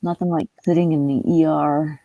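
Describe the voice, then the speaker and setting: A woman chatting casually on a livestream while she works a puzzle, talking in a subdued, low-key way. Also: flat delivery, moderate pace, dark tone, no room sound, lo-fi sound. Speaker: streamer.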